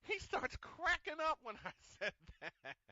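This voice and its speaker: A man's voice: very high voice, huge pitch swings, measured pace, pushed and bright, no room sound, muffled recording. A man hosting a casual sports talk show, boisterous, laughing often and swearing freely. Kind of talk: casual sports radio chat.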